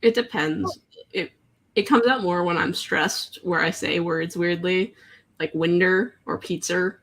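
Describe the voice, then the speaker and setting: A woman's voice: lowish voice, measured pace, a bit bright. A woman from Canada chatting casually on a video call, rambling and trailing off between thoughts. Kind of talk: casual group chat on a call.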